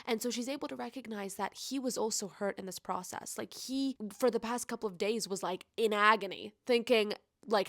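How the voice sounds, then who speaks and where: A woman's voice: fairly high pitch, normal speed, dry recording. Gushing woman book vlogger, dry close sound. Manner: gushing, effusive, heavy use of filler "like"; swings from hushed to loud excited bursts. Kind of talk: casual book review vlog.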